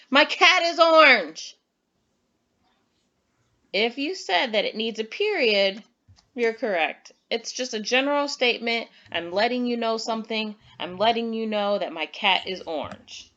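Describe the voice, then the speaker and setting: A woman's voice: fairly high pitch, normal speed, a bit bright, highs cut off. A woman teacher giving an online lesson to young children, patient and encouraging, who reads example sentences aloud with exaggerated emphasis.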